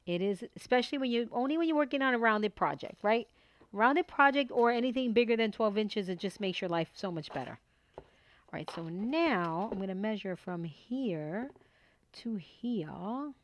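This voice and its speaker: A middle-aged woman hosting a papercraft tutorial, chatting casually and excitedly while she works and talking herself through each step at her desk at home. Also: mid-range voice, normal speed, dry recording. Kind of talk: casual crafting tutorial chat.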